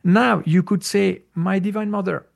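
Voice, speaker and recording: A man in a casual question-and-answer talk, explaining spiritual ideas in English that is clearly not his first language. His voice sits a bit high for a man and has a gravelly fry. He talks haltingly, wandering off on side tracks, with plenty of "uh" and restarted phrases. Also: steady tone. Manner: halting and digressive, with many fillers and restarts; non-native English phrasing. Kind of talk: casual spoken Q&A.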